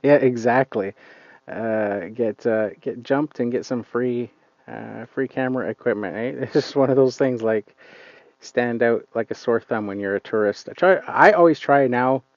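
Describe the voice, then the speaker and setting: Standing on a client's lawn, a man who runs a lawn care channel hosts a casual phone live stream, rambling hesitantly and leaning on fillers. He speaks at normal speed in a medium pitch, captured in lo-fi sound without any room ambience.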